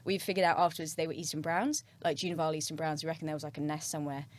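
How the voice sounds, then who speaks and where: A woman guest on a podcast who tells stories in a casual, animated way, swearing freely and trailing off mid-sentence. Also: sits low, very fast. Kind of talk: casual storytelling.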